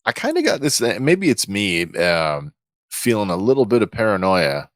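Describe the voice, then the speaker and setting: A man playing a tabletop game, talking hesitantly with many pauses and restarts. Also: fairly low pitch, huge pitch swings, dry recording, studio quality. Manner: hesitant, lots of uhs and restarts. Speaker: player. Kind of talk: tabletop role-play, in character.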